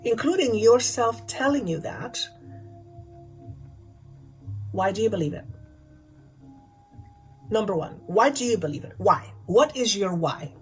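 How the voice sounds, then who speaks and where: A woman's voice: medium pitch, lively intonation, unhurried, pauses often, rough recording. Woman, spiritual healer voice, talks over faint music, repeats questions for emphasis. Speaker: channeler and energy healer. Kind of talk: spiritual guidance talk.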